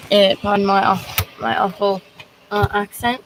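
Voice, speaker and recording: Slow, rambling young woman streaming live. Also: medium pitch, level tone, a little hiss or hum, low-quality recording. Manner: slow, rambling and halting, talking to chat. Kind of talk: casual live stream chat.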